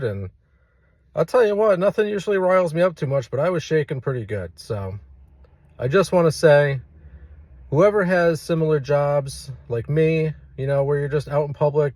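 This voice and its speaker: A man, a real estate agent, casually telling a story to his viewers with lively delivery. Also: on the high side, dry recording. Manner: animated, acts out quoted lines.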